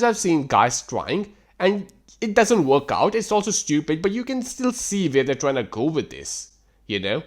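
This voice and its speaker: Guy ranting sarcastically, swears a lot, voice a bit high and bouncing all over. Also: big pitch swings, moderate pace. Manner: exasperated, sarcastic, profane. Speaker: host reacting to text screenshots. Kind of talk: ranting reaction commentary.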